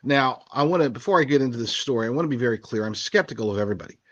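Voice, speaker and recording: Male political show host, mid-pitched, chatty and sarcastic, rambling asides, dry close lo-fi sound. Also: expressive, racing, no echo. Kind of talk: casual political commentary.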